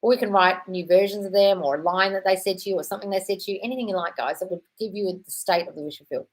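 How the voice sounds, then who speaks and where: A woman's voice: mid-range voice, rapid-fire. A young British woman hosting a casual live Q&A, blunt and swearing freely, calling listeners darling. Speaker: host answering viewer questions.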